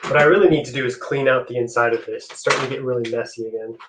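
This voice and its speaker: A man's voice: medium pitch, very fast, background noise. A young man hosting a live stream, chatting casually with viewers while he builds. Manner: relaxed, chatty, answers chat messages.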